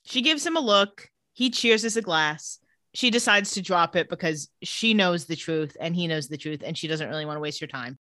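A woman co-hosting a casual podcast, recapping a TV episode and acting out the characters' lines with shifting pitch and frequent laughter. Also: normal speed, no room sound, clean studio sound. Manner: animated, acts out quotes with shifting pitch, laughs often. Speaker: podcast co-host recapping a TV show. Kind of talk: casual chat.

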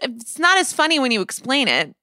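A woman co-hosting a podcast, chatting casually about an album in a playful, animated way, often restarting her sentences. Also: sits high, brisk, no room sound, clean studio sound. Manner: animated, playful, self-interrupting. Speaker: podcast co-host. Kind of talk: casual chat reviewing music.

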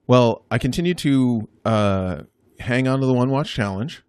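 A man co-hosting a podcast in relaxed, easygoing chat, often agreeing and laughing. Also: medium pitch, a little slow, clear, resonant tone, no room sound. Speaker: podcast co-host. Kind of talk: casual chat.

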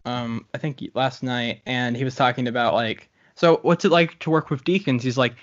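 A man's voice: medium pitch, steady tone, normal speed. A man in a casual podcast chat, joking and swearing casually. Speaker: podcast co-host. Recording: dry, dull lo-fi sound.

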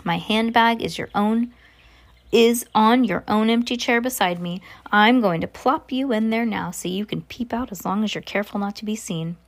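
A woman reading the part of a kindly, protective old grandmother in a soft, hushed voice. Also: mid-range voice, moderate pace, close to an everyday voice.

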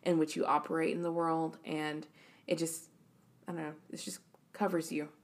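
A woman's voice: low-pitched, little pitch movement, normal speed. A young woman co-hosting a faith podcast, talking earnestly and often affirming her co-host. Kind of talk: casual faith-based chat.

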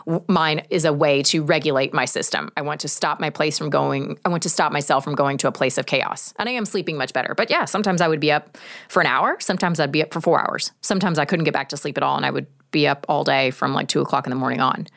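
A woman's voice: deep voice, quick pace, creaky, fairly bright tone. A woman co-hosting a podcast in candid, casual chat, swearing and laughing easily. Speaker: podcast co-host.

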